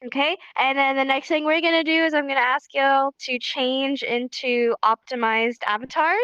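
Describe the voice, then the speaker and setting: A woman with a high, pushed, bright voice speaks at normal speed with fairly even intonation, sounding stuffed up from allergies. She hosts a live virtual class, giving casual instructions in a friendly, patient way and calling out names one by one. The muffled lo-fi mic sounds dry, with no room sound.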